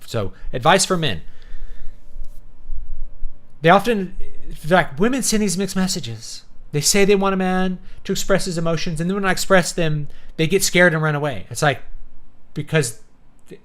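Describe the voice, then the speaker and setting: A man talks through his opinions in a loose, unscripted monologue as a show's host. His pitch swings widely from phrase to phrase, and he keeps tagging his points with a quick "right?". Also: expressive, a bit bright. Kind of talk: casual commentary monologue.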